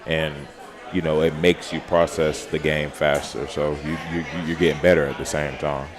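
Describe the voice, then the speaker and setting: A young man, a football player guest, answering questions in a relaxed, guarded way at a live show. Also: extremely low pitch, normal speed. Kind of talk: casual live show interview. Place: busy restaurant with crowd chatter. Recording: live event with crowd noise.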